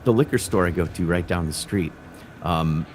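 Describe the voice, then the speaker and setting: A man's voice: deep voice, moderate pace, a little mellow, a little hiss or hum. Plain-spoken man from Illinois. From Illinois, USA. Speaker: guest. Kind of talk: casual chat.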